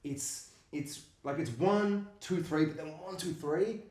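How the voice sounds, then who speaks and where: A man co-hosting a casual movie chat, animated and laughing often as he acts out scenes. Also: a little high, slow. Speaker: podcast co-host. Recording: roomy echo.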